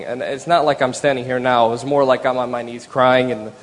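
A man's voice: mid-range voice, fairly even intonation. Earnest man giving testimony in a church. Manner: earnest, halting, repeats words. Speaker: speaker sharing a conversion story. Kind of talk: personal testimony. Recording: long hall reverb.

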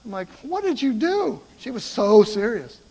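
An older man preaching a sermon, telling stories in an animated way and calling out to the congregation. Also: very high-pitched, moderate pace, creaky, breathy edge, long reverb tail. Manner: animated storytelling, calls out to the congregation. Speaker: pastor. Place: church.

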